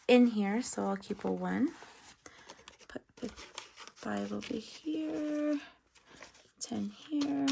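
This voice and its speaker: A woman with a raspy voice chatting casually while counting cash at home at night, apologetic and a little out of breath. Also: medium pitch, a little mellow, slight background noise. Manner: apologetic, rambling, counts money aloud. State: slightly out of breath. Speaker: budgeting channel host.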